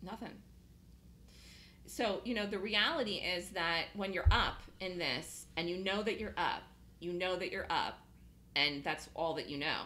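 Bright-voiced woman coaching traders. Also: lowish voice, echoey room, slight background noise, rough recording. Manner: fast, emphatic, laughs easily, repeats points. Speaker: trading room host. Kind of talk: live trading room coaching.

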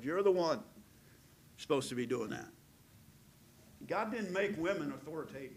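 A middle-aged man preaching a sermon, calling for amens and moving between loud emphatic delivery and a hushed near-whisper. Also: on the high side, animated, normal speed, vocal fry, pauses often, husky, rough recording. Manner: calls out "amen" to the congregation. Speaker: pastor.

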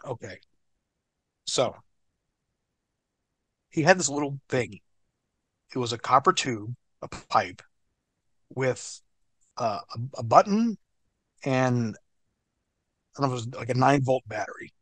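A middle-aged American man, a former wrestler, telling an animated, profane story as an interview guest. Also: medium pitch, slow, long pauses, husky, no room sound.

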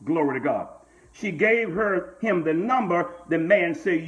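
A man's voice: high voice, animated, a little slow, dull audio. A middle-aged man, a pastor preaching a sermon and calling out to members of his congregation. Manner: preaching with call-outs to congregants and repeated "glory to God".

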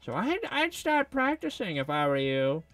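A man's voice: high voice, wildly swooping pitch, normal speed, fairly bright tone, faint music behind. A man casually talking to himself while he sculpts a 3D model, rambling and joking as he works. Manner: rambling, jokey, talks to himself. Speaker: 3D sculpting video creator. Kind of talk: casual self-talk while working.

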